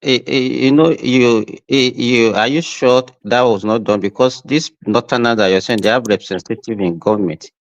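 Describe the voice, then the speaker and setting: A man's voice: mid-range voice, moderate pace, hardly any pauses, no room sound. Hesitant man, slightly dull sound. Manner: challenging, hesitant, with "eh" fillers. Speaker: panelist. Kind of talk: live talk show discussion.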